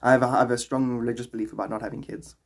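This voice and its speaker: A South African man chats loosely on a livestream from home. He rambles and answers viewers' questions aloud in a gravelly, husky voice. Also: mid-range voice, little pitch movement, very fast. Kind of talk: casual livestream chat.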